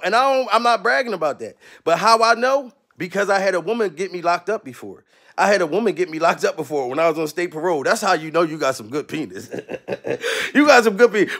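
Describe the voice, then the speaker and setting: A man hosting a live stream, ranting profanely in a loose, rambling way, laughing often and shouting out viewers in the chat, his voice going hoarse. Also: high-pitched. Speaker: livestream comedian host.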